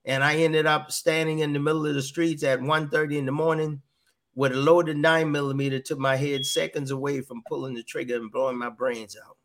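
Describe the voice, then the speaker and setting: A man's voice: a little high, flat delivery, a little fast, a bit bright. A middle-aged man giving an earnest personal testimony as a podcast guest, often repeating his phrases. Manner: earnest, repeats phrases, quotes voices in dialogue.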